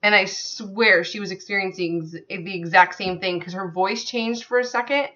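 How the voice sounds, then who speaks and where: A woman's voice: mid-range voice, steady tone, moderate pace, pushed and bright, highs cut off. A woman telling a personal story to her viewers in an earnest, conversational way, with many fillers. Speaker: vlogger.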